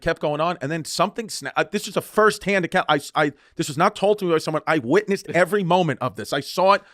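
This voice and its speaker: A man co-hosting a comedy podcast, spinning loose, swearing anecdotes full of restarts. His voice sits a little high, and the recording is dry and close. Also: animated, fast talker, fairly bright tone, dry recording. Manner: rambling, swearing, restarts, laughing retellings. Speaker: podcast co-host. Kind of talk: casual comedic storytelling.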